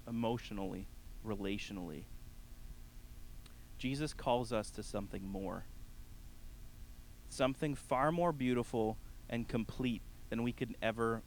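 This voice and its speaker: A man preaching a sermon, addressing the congregation directly, rising to emphatic peaks and then dropping to a soft, quiet close. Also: medium pitch, a little hiss or hum, poor audio. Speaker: pastor.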